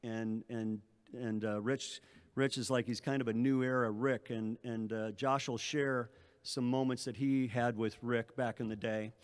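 Middle-aged man, athletic director at a podium, rambling thanks, mid-pitched voice. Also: fairly even intonation, a little slow, smooth. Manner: rambling thank-yous with many restarts. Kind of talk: press conference speech.

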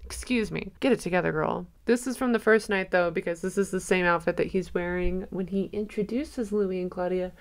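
A woman giving excited reaction commentary on a trailer, gushing and speculating aloud, breaking into gasps and squeals. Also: fairly low pitch, fairly quick, few pauses.

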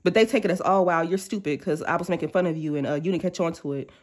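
A woman's voice: fairly low pitch, quick pace. A woman giving a casual tarot reading to her viewers, chatty and slangy, often breaking off to act out quoted thoughts. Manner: chatty, animated, slangy and self-interrupting, acting out quoted thoughts. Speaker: tarot reader.

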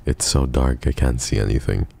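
A man's voice: very deep voice, normal speed, vocal fry, darkish tone, a little hiss or hum. A young man streaming a game, bantering with his chat in a profane, teasing way. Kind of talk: casual game stream chatter.

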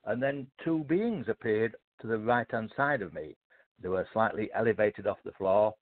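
An older man with a British accent, a guest author telling his life story in a modest, measured way with hesitant fillers. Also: on the low side. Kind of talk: storytelling in a casual interview. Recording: tinny phone-like line.

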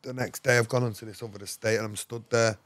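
A man's voice: on the low side, steady tone, fast talker, fairly bright tone, no room sound. An English man, a podcast guest, tells a rambling story in casual, slangy talk and swears often. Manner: rambling, swears often, slangy, fillers like "you know what I mean".

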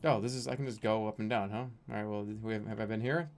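A man's voice: on the low side, fairly even intonation, quick pace, creaky. A young man giving casual, jokey commentary while playing a video game, easily exasperated. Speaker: streamer. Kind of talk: let's-play commentary.

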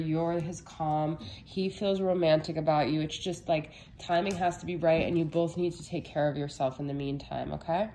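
A woman's voice: deep voice, steady tone, moderate pace, hardly any pauses, warm tone, reverberant, a little hiss or hum. A young woman giving a casual tarot reading, a little out of breath, chatty and reassuring, often checking in with "okay?". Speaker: tarot reader.

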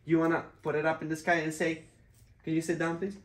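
A man's voice: on the high side, level tone, quick pace, echoey room. A father playfully teaching his young children simple words, patiently repeating each one. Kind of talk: playful kids' vocabulary lesson.

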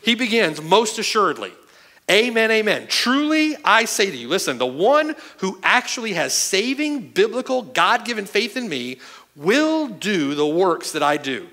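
A man delivers a sermon from the pulpit in a high, bright voice that leaps and falls with emphasis. He drives home each point and checks with his listeners as he goes. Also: sing-song, normal speed. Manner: emphatic, asks the hearers "right?" and "okay?" often. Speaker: pastor. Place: church sanctuary.

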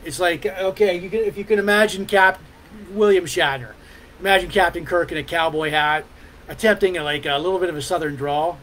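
A man's voice: high-pitched, steady tone, fairly quick, fairly bright tone, slight background noise, poor audio. A middle-aged man hosting a podcast in casual rambling chat, loose and full of fillers and hums, with the odd swear. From Ontario, Canada. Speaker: podcast host.

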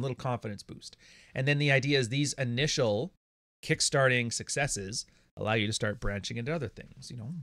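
A man's voice: mid-range voice, a bit bright, no echo. A man hosting a casual monologue from his home studio, blunt and profane, often laughing. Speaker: podcast host.

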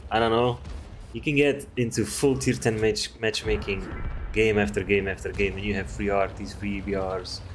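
A man's voice: on the low side, level tone, normal speed, over music. A man casually commenting on a game replay, rambling and chatty, swearing freely. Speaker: gameplay commentator.

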